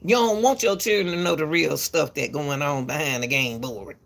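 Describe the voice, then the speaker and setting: A woman's voice: low-pitched, normal speed, vocal fry. A woman giving casual commentary to the camera, emphatic and repetitive, lecturing parents and calling viewers "baby", often stumbling and restarting her words. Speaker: commentary channel host.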